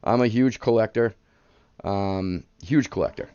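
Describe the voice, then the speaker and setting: A man in his thirties hosts a live card-breaking stream, his fairly low voice warm, clear and resonant at a measured pace. The lo-fi sound has no room sound, and he chats and rambles casually while hyping up the pulls.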